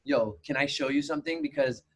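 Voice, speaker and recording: A young man, hosting a podcast in fast, slangy talk. He laughs easily and swears freely, in a mid-pitched voice. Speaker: podcast host. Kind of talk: casual conversation.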